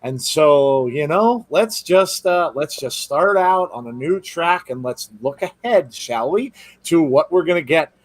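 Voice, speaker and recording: A man's voice: fairly high pitch, expressive, measured pace, no echo. A man hosting a live podcast, chatting casually and rambling through greetings to viewers. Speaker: podcast host. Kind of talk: casual live-stream chat.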